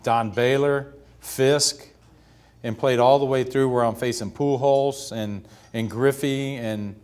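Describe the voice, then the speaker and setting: A man in his fifties, a retired pitcher, telling stories in an interview and laughing as he goes. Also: fairly even intonation, slow pace, darkish tone, clean tone. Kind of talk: storytelling in a sit-down interview.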